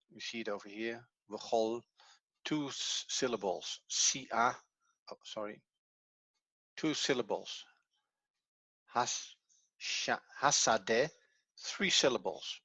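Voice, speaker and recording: A man's voice: medium pitch, a bit bright, no echo. A man teaching a live online language class, speaking hesitantly and correcting himself. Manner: slow, hesitant, self-correcting.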